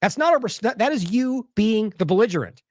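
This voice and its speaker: A man giving solo news commentary, sarcastic and animated, mocking the lines he quotes in put-on voices and restarting often as he scrolls his sources. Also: high voice, fairly quick, no room sound, studio quality. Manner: talks in bursts with restarts while scrolling sources.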